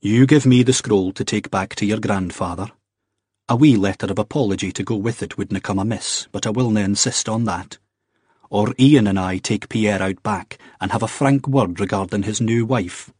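A man reading aloud, voicing a blunt, stern man with a Scottish accent and low, deliberate menace. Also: a little mellow, slightly rough, no room sound, studio quality.

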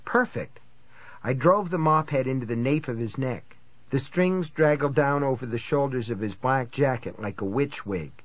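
A man narrating a first-person thriller audiobook in a tense, measured storytelling manner. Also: mid-range voice, no echo.

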